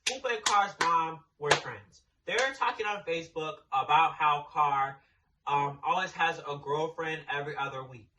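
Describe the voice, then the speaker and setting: A man's voice: a little high, normal speed, distant mic, background noise. A young man telling a storytime in a blunt, sassy way, swearing freely. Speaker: storytime vlogger. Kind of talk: casual storytime.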